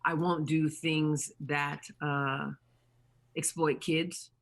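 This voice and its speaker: A woman voice actor chatting as an interview guest, animated, who slips into character voices as she talks. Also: low voice, very slow. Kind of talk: interview chat.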